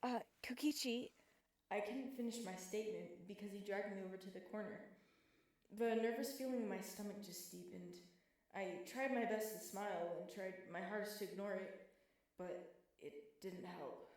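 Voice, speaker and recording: A woman's voice: mid-range voice, moderate pace, darkish tone. Woman reading fan fiction in an echoey room. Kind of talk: first-person fan fiction narration.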